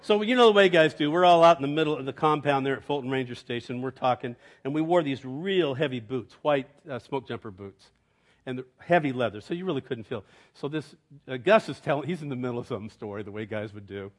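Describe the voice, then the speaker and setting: A middle-aged male pastor preaching a sermon, moving between soaring emphatic proclamation and hushed, chuckling storytelling. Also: mid-range voice, fairly quick.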